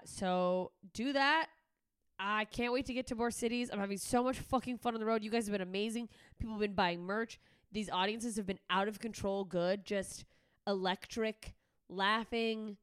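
Brash, crisp-voiced woman podcast host. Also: medium pitch, no room sound. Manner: brash, swears freely, quick banter. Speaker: podcast host and stand-up comedian. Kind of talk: casual comedic podcast chat.

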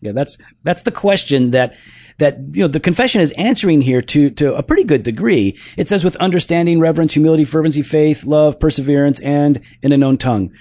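A man's voice: a little high, animated, a little fast, darkish tone, no room sound. A man co-hosting a casual podcast, teaching theology step by step and checking in with "right?" as he goes, with a dry, teasing humor. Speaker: podcast co-host.

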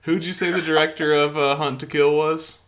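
A man's voice: a little high, flat delivery, a little fast, fairly bright tone. A man co-hosting a podcast, chiming in with amused casual remarks. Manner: laughing, amused interjections. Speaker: podcast co-host. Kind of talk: casual chat.

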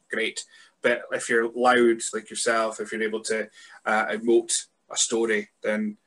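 Bright-voiced podcast host, a man. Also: on the low side. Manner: loose, rambling questions. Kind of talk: casual podcast interview.

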